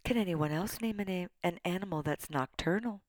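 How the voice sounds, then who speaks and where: A woman voicing a stern, quiet older female schoolteacher in a storybook reading, measured and firm. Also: medium pitch, animated, dry recording, voice pushed up, natural voice. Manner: measured, soft-spoken, firm.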